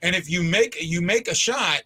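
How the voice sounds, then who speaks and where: A man hosting a fan post-game show in casual chat, stammering and restarting his words and swinging from stunned to excited. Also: sits high, normal speed, husky.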